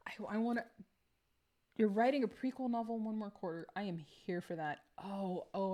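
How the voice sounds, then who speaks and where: Bubbly, excitable woman streamer. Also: on the high side, a little fast. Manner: bubbly and excitable, laughs often. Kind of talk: live game stream chat.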